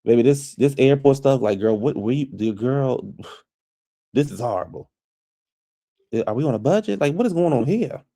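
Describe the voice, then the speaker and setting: A man casually recapping a reality TV episode for his viewers, chatty and opinionated, quick to pass judgment on the cast. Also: mid-range voice, expressive, mellow. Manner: chatty, gossipy, opinionated, addresses viewers as y'all.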